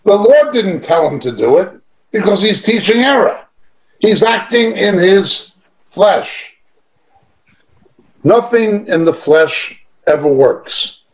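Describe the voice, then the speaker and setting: A man's voice: high voice, sing-song, takes it slowly, long pauses, low-quality recording. A man teaching through a Bible passage verse by verse, reading it aloud and stressing points by repeating them. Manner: emphatic, repeats key phrases, reads verses aloud.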